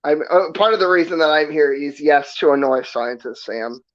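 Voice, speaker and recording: A New York man appears as a stream guest in a heated casual chat, delivering a defensive, sarcastic, profane rant. His voice is fairly high at a moderate pace, and the stream audio is dull and lo-fi.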